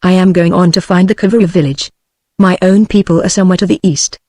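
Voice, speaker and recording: A text-to-speech woman with a British English accent voicing a stern, calm jungle lord in a novel reading. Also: on the low side, fast, dry recording, clean studio sound, lightly acted. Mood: firm. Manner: plain synthetic reading.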